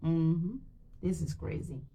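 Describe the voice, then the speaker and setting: A tired woman with a French Canadian accent, a native French speaker, reading a book aloud on a live stream into a mic, animated and retrying hard words again and again. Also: sits low, slow pace. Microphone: microphone.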